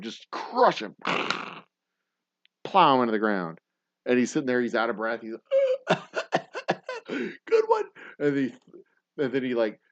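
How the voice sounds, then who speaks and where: A man's voice: mid-range voice, no room sound. A man in his forties hosting a casual chat show, rambling and swearing, with lots of restarts. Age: 40s. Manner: rambling and profane, many restarts. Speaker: podcast host. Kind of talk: casual chat with live viewers. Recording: dull dry lo-fi sound.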